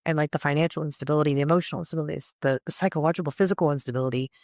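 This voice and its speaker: A woman's voice: sits low, racing, a little mellow, no echo, studio quality. A woman hosting a podcast, speaking earnestly and emotionally in a flowing, heartfelt way about spiritual growth.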